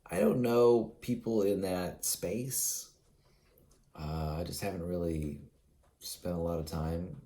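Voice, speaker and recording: This vlogger's voice is low-pitched and warm. Talking alone to the camera, he wanders from thought to thought, full of fillers and false starts, letting out the odd chuckle and yawning as if half asleep.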